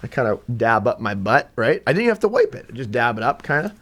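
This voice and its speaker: A young man hosting a podcast, telling a story in a casual, animated way and acting out what others said. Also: medium pitch, fast talker. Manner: animated, acts out quotes in exaggerated voices. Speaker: podcast host. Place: indoor studio.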